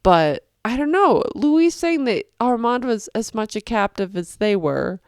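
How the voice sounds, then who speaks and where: Expressive woman host reacting to a show. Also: a little high, unhurried, clear, resonant tone, no echo, clean studio sound. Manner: expressive and swearing, rambling. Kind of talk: casual emotional reaction commentary.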